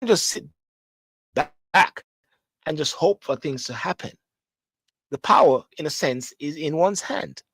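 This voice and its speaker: A man's voice: on the high side, lively intonation, slow pace, vocal fry, pauses often, fairly bright tone, slightly rough, no room sound. A man who grew up in Jamaica, with a Jamaican accent, hosting a show with a casual, rambling monologue full of restarts and repetition. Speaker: host. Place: London.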